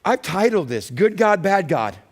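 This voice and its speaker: High-voiced, animated male pastor preaching. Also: normal speed. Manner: animated storytelling, acts out complaining voices. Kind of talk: sermon.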